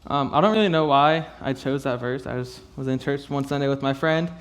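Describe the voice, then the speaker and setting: A young man giving a halting personal testimony to a youth group, full of fillers and nervous laughs and close to tears. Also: mid-range voice.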